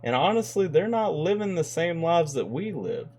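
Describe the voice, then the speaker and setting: A man's voice: fairly high pitch, lively intonation, moderate pace, mellow. A man hosting a reaction video, giving earnest, opinionated commentary that rambles with restarts. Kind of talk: casual commentary.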